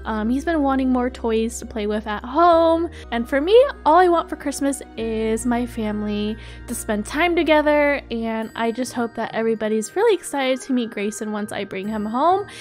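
A young woman giving bubbly, excitable role-play game commentary, gasping often. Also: on the high side, moderate pace, few pauses, faint music behind. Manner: bubbly and excitable, frequent gasps. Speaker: gaming YouTuber.

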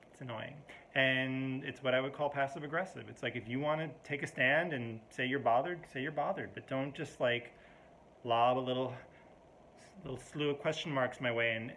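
A man's voice: mid-range voice, sharp tone, slight background noise. A man in a casual, rambling to-camera monologue at home, full of fillers and restarts, mildly exasperated. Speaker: vlogger.

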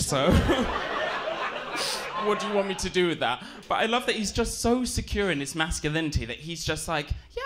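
A young man with an English accent doing a camp, self-deprecating stand-up set, giggling between jokes. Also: on the high side. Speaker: stand-up comedian. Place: comedy club stage. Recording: live club audio with audience noise. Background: audience laughter.

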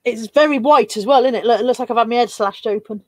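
A woman's voice: fairly high pitch, fast, no room sound. A woman hosting a casual live stream from home, chatting and reading out viewer comments. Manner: chatty, reads out viewer comments with bursts of laughter.

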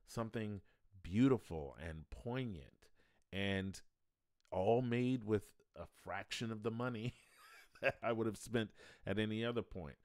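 A man's voice: fairly low pitch, measured pace, a little mellow, no room sound, clean studio sound. A man hosting a casual livestream, talking in a rambling, folksy way and chuckling often. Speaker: livestream host.

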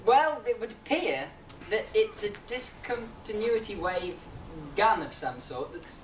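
A woman's voice: medium pitch, big pitch swings. A woman playing an eccentric, commanding time-traveller doctor in an amateur comedy sketch. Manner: brisk, commanding, rambling. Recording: distant, echoey room with noise.

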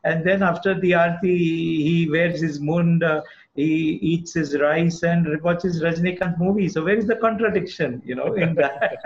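A man from India speaks as a guest architect over a video call, earnest and rambling, with plenty of fillers. His voice sits a little high. The call audio is muffled and lo-fi. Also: normal speed. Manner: earnest, discursive, frequent "uh" fillers. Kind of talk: webinar Q&A answer.

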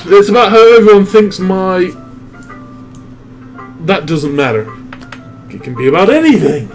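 A let's play commentator plays a visual novel with friends, reading the game's dialogue aloud and adding wry asides in a group playthrough. His voice is high and expressive at a measured pace, with faint music behind and poor audio.

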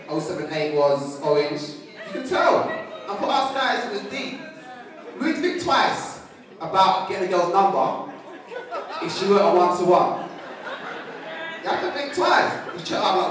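A male stand-up comedian, telling animated stories and acting out phone chats on stage. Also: sits high, normal speed, long pauses. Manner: animated storytelling, acts out phone chats in character. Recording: distant mic in an echoey club with crowd laughter. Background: audience laughing.

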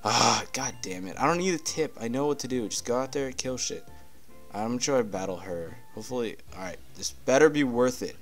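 A man casually commentating a video game playthrough, rambling, swearing and getting irritated at the game. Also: on the low side. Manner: profane, rambling, easily irritated. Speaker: gameplay commentator. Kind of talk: casual let's-play commentary.

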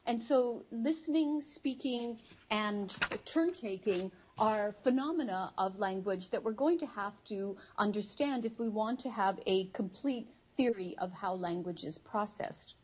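A woman psychology professor giving an academic lecture to a live audience, explaining in a measured way with frequent ums and uhs. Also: medium pitch, a little mellow, lo-fi sound, slight background noise. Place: studio before a live audience.

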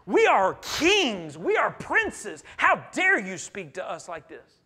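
A man's voice: high voice, wildly swooping pitch, slow pace, sharp tone, pitched above the performer's own voice, exaggerated voice. A man preaching who voices proud grown men mocking a prophet in a sneering, raised voice.

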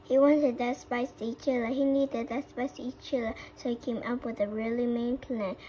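A woman with a Vietnamese accent reading a children's story aloud, halting, with frequent slips and restarts. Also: fairly high pitch, steady tone, mellow, a little hiss or hum, low-quality recording. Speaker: storybook reader.

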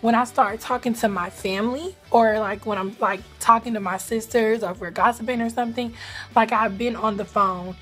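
A young woman from Atlanta with a light Southern accent, chatting fast and casually to camera with lots of "like". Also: fairly high pitch, fairly even intonation, fairly bright tone, faint music behind. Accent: Atlanta Southern American. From Atlanta, Georgia, US. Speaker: vlogger.

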